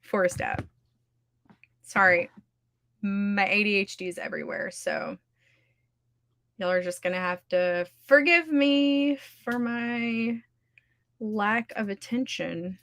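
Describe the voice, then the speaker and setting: A woman's voice: medium pitch, expressive, slow, long pauses, a bit bright, no room sound, clean studio sound. A woman hosting a casual livestream, chatty and scattered, laughing often as she talks. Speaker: livestream host running writing sprints. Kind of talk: casual chat to a live audience.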